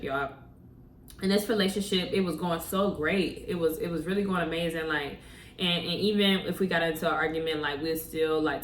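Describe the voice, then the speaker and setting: Talking conversationally to the camera, this vlogger tells a motivational story and keeps throwing rhetorical questions at viewers. Her voice is lowish. The recording is roomy and echoey, with the mic at a distance, faint ambience, and a little hiss or hum.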